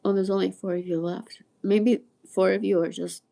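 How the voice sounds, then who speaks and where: A woman in her sixties with a gravelly, mellow voice chats loosely to her livestream viewers. She drifts from tangent to tangent and laughs often as she goes. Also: mid-range voice, flat delivery, normal speed. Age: 60s. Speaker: livestream host. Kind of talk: rambling livestream chat.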